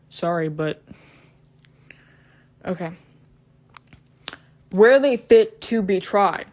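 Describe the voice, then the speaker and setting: A woman with a mid-range, slightly mellow voice casually retells a true crime case. She hesitates a lot, stumbling, restarting and saying "um," and cuts in with blunt, profane asides.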